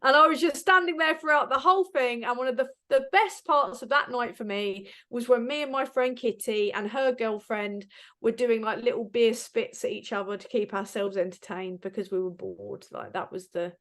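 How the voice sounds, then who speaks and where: Woman, blunt and sweary chatter, fairly high voice. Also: moderate pace, a bit bright. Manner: blunt, sweary, laughing storyteller. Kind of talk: casual chat.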